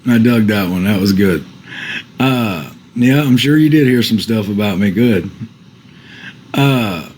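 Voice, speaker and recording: A man's voice: lowish voice, expressive, unhurried, long pauses, a little mellow, slight background noise, poor audio. A man on a casual livestream, reading out viewer comments and answering them defensively, with some swearing.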